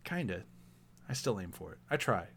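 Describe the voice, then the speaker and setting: A man hosting a casual movie review chat, animated, laughing often and leaning on fillers. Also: low-pitched, moderate pace, creaky, husky. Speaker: podcast host.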